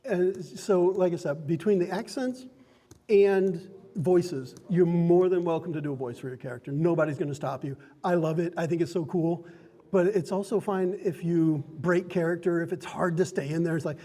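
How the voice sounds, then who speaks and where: A man with a high-pitched yet warm, mellow voice runs a tabletop game session as game master. He explains the rules to his players in an upbeat, chatty way and often laughs as he talks. It was recorded in a card and game shop. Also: normal speed, in a large hall.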